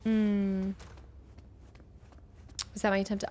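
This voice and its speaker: A woman streamer chatting through a game, thanking viewers and reacting loudly to the action. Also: mid-range voice, lively intonation, measured pace, long pauses. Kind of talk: live gameplay commentary.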